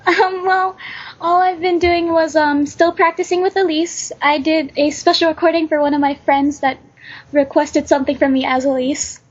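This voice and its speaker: A woman's voice: high-pitched, level tone, normal speed. A teenage girl being interviewed as an aspiring voice actor, hesitant and filling gaps with lots of ums. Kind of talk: casual podcast interview. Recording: dull lo-fi recording.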